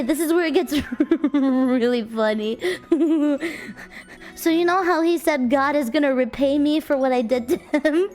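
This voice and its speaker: A young woman streamer telling a story in a casual, chatty, animated way. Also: high voice. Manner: animated, chatty, checks in with "right?".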